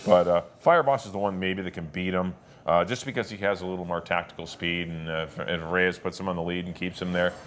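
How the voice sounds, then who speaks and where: A man giving his horse racing picks in a relaxed, halting way, with plenty of filler words. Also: low voice, a little hiss or hum. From Canada. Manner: relaxed, hesitant with many uhs. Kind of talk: casual racing picks chat.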